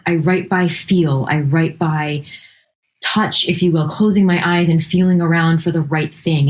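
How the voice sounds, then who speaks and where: Woman guest composer, lowish voice, animated and chatty, lots of restarts. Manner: animated, chatty, laughs often, many restarts. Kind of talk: casual interview chat.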